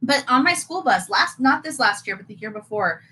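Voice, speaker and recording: A woman's voice: fairly high pitch, brisk, husky. A young woman co-hosting a live podcast, chatting animatedly and reading out viewer comments. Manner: animated, exclaims and reads viewer comments aloud. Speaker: podcast co-host. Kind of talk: casual chat.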